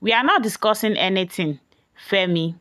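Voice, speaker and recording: A woman voicing a calm, gentle young man who questions softly. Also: mid-range voice, normal speed, lightly acted.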